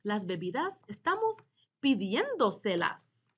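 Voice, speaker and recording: A woman's voice: medium pitch, expressive, normal speed, a bit bright. A woman teaching a recorded language lesson, explaining step by step and speaking straight to her students. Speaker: Spanish teacher. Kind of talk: instructional lecture.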